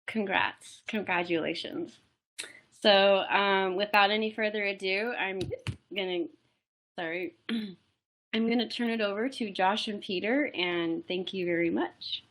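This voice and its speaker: A woman's voice: medium pitch, measured pace, a bit bright. A woman hosting an online bookstore event on a video call, hesitant and apologetic, with hiccups and many fillers. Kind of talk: live online event introduction.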